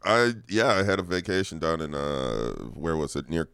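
A man's voice: a bass voice, lively intonation, normal speed, a bit bright, clear, resonant tone, dry recording, studio quality. A man co-hosting a podcast, trading crude jokes in casual banter and laughing often. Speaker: podcast co-host.

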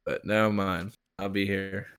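An easygoing male podcast co-host on a video call who laughs often. He talks slowly and unhurriedly. His answers to teasing are short and relaxed. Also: low voice, clear, resonant tone. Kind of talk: casual chat. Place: remote call from home.

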